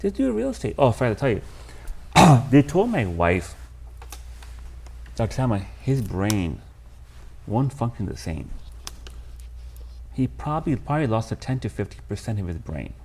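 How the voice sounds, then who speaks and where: A man's voice: mid-range voice, big pitch swings, moderate pace, pauses often, dark tone, slight background noise. A man, a podcast guest telling his life story candidly and emotionally, calling the host "bro". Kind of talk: casual storytelling interview.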